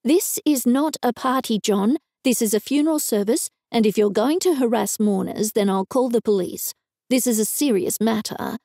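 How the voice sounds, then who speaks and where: An Australian woman voicing a sharp-tongued young woman funeral director, curt and stern in an audiobook. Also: a little high, normal speed, no room sound, clean studio sound. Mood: stern, snapping. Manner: curt and raised when snapping.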